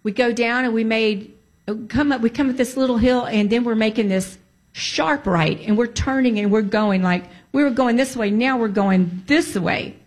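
A woman's voice: on the high side, normal speed. A woman telling a personal story in a casual way, emphatic and repeating phrases for emphasis.

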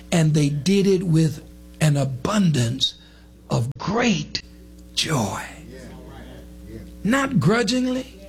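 A preacher, a man with a high, gravelly voice, building his sermon in rising, emphatic waves. Faint music sits under his words. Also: darkish tone. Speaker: pastor.

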